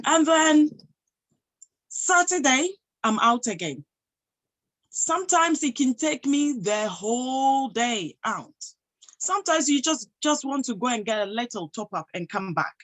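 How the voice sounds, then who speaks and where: Woman motivational speaker, unhurried delivery, slightly high voice, rhetorical questions, emphatic. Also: expressive, poor audio. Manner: emphatic, asks rhetorical questions and answers them. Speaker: motivational speaker and health professional. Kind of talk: motivational talk to an audience.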